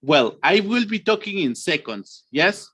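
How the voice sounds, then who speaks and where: A man, teaching an online English lesson, acting out emotions and stretching words slowly. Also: sits high, very animated, fairly bright tone, breathy edge, dry recording.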